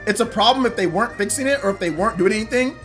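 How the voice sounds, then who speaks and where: Relaxed chatty male streamer. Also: sits high, racing, faint music behind. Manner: relaxed, chatty, many fillers. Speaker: livestream host. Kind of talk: casual livestream chat reading donations.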